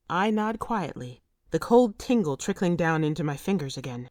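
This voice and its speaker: A woman's voice: low voice, expressive, normal speed, hardly any pauses, darkish tone, no echo, clean studio sound. A woman narrating a first-person fantasy audiobook with intense, vivid storytelling.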